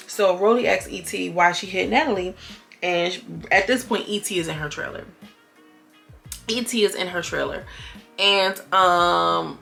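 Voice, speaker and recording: A woman giving a casual, animated recap of a reality show, sassy and quick to act out quotes. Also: fairly low pitch, gravelly, faint music behind. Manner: animated, sassy, retells scenes in quoted voices. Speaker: reality TV commentator.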